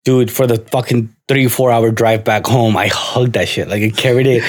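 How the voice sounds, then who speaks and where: A man's voice: mid-range voice, fairly even intonation, normal speed. A man in his thirties, a podcast co-host telling stories in casual chat, swearing freely, often laughing, acting out his dad and slipping into Spanish. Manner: swearing storyteller who acts out his dad, mixing in Spanish.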